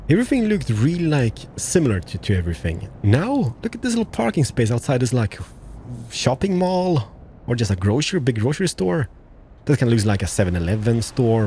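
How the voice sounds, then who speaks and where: Animated chatty man playing a game. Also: mid-range voice, slight background noise. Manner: chatty, joking, exclamatory. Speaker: let's-play gamer. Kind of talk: casual gameplay commentary.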